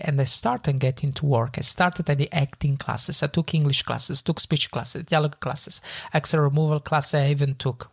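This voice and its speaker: A man from Italy with an Italian accent, hosting a podcast and retelling a speech with his own halting asides. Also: mid-range voice, vocal fry, no echo, studio quality. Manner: halting, many fillers and restarts when speaking off-script. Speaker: podcast host.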